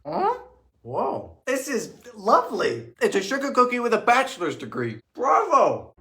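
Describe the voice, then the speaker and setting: Theatrical, sardonic man with a lively voice. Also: normal speed. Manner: theatrical and sardonic, with sudden jumps in pitch and loudness. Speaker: host of a vintage cooking show. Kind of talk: comedic cooking narration.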